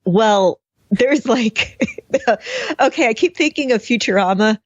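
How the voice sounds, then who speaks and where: A woman's voice: on the high side, big pitch swings, takes it slowly, dry recording. A woman co-hosting a fan podcast, chatting casually about a TV episode in a sarcastic, often laughing way. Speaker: podcast co-host. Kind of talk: casual chat, TV episode discussion. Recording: dull, dry lo-fi sound.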